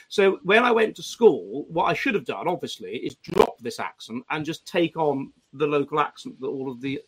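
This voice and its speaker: Man, London accent, stammering and repetitive in casual chat, slightly higher voice. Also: a bit bright, breathy edge. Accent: South London. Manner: stammering, repeats words often.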